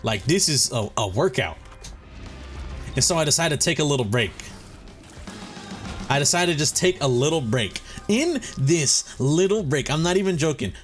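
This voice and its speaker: A man's voice: a little high, lively intonation, normal speed, pauses often. A tired young man telling a rambling story while playing a game, acting out quotes in a casual chat. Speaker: gaming video host. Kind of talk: casual chat over gameplay. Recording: faint music behind.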